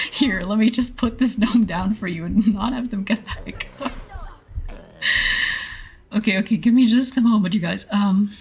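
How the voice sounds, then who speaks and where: A young woman streams a game live, talking to her chat in a flustered, apologetic way and laughing often. Her pitch sits in the middle range. Faint noise hums behind her. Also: measured pace, creaky, darkish tone.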